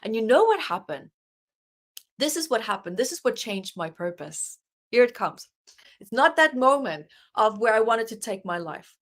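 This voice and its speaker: A woman's voice: a little high, very animated, normal speed, fairly bright tone. A woman guest, an author and life coach, earnestly telling a personal story in an interview and acting out her own inner dialogue.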